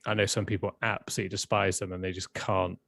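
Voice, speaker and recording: Relaxed British co-host, dry close sound. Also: male voice, low-pitched, fast, vocal fry, dry recording. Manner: relaxed, hesitant, lots of ums and sort ofs. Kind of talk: casual livestream chat.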